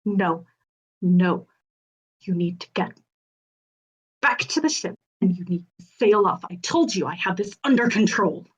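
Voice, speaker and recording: A woman voicing an exasperated young female orc who scolds in a rapid, flustered rush. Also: medium pitch, lively intonation, breathy edge, low-quality recording. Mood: urgent.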